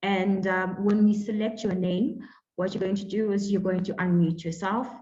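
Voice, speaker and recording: Chatty female webinar host on a dull, lo-fi video call line, mid-pitched. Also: fairly even intonation, moderate pace. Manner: chatty, many fillers, warm welcoming phrasing. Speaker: webinar moderator. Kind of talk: hosting an online panel Q&A.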